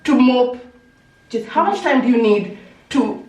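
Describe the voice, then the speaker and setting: A woman's voice: on the high side, animated, a little slow, darkish tone. A woman in casual group chat, reflecting on how she copes with hard times. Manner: reflective, talks through her own coping habits. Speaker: podcast co-host. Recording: echoey room, mic at a distance.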